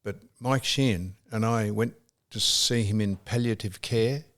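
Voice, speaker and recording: A man hosting a casual podcast chat, reflective and halting with fillers. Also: on the low side, a bit bright. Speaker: podcast host.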